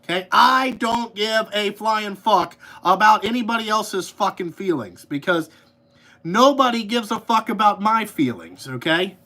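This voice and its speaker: Angry profane man ranting, high-pitched. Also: animated, unhurried, pushed and bright. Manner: angry, profane, rambling with repeated fillers. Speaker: podcast host, trucking business owner.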